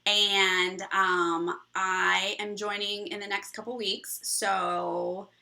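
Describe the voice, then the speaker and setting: Bubbly bright-voiced woman host. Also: medium pitch, flat delivery, drawn-out words, creaky. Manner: bubbly and rambling, laughs often. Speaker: livestream host. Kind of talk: casual live chat with viewers.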